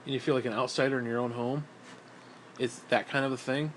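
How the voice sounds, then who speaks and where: A man's voice: medium pitch, fairly even intonation, fairly quick, slight background noise. Bitter, profane middle-aged man ranting. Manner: bitter, profane, rambling rant. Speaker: vlogger. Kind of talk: casual venting monologue.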